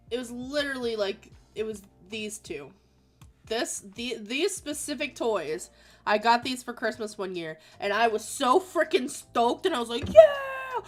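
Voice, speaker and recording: Woman, casual chat while drawing, animated storyteller, laughs a lot, faint music behind. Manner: animated storyteller who acts out quotes in high squeaky voices; laughs often. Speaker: artist hosting a drawing stream.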